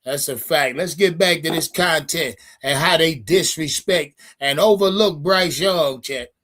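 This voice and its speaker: A man's voice: fairly high pitch, a little slow. A man hosting a live sports stream, chatting casually and profanely with his viewers. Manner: profane, animated, addresses chat directly.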